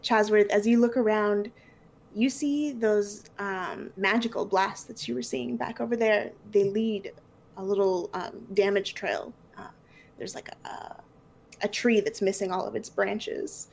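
A woman's voice: medium pitch, steady tone, measured pace, vocal fry, darkish tone. A woman narrating as game master in a loose, casual way with many fillers.

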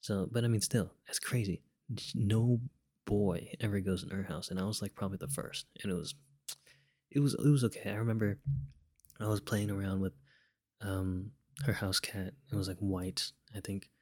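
A young man tells a personal story in a loose, rambling way, full of fillers and restarts. His voice sits a little low, and the sound is dry and close with no room around it. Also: steady tone, normal speed, darkish tone, dry recording. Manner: laid-back, chuckles now and then.

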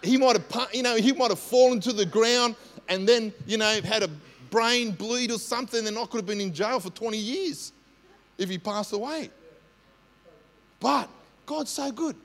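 A man with an Australian accent, a senior pastor telling stories in a lively, conversational sermon, often asking "right?". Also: extremely high pitch, normal speed. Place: church. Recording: long church hall reverb.

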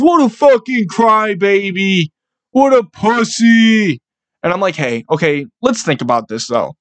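Profane, fired-up sports podcaster. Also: male voice, sits high, no echo. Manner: animated, profane, rambling. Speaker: podcast host. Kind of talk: casual solo sports podcast rant.

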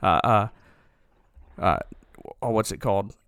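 A man's voice: fairly low pitch, unhurried, a bit bright, clear, resonant tone, no echo, clean studio sound. A man hosting a comedy podcast, retelling a movie plot in a rambling, sarcastic way and often correcting himself.

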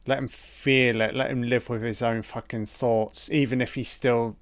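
A man's voice: mid-range voice, flat delivery, normal speed. A young man giving a casual, profane reaction commentary, talking back heatedly at the screen.

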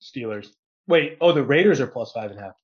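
A man who is a podcast guest, talking sports in a relaxed, joking way. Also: mid-range voice, a little fast, highs cut off. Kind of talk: casual sports chat.

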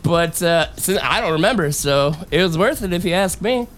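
A young man hosting a podcast, telling a story in casual chat, animated and laughing, acting out the voices of people he quotes. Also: sits high, normal speed. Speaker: podcast host. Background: fan noise.

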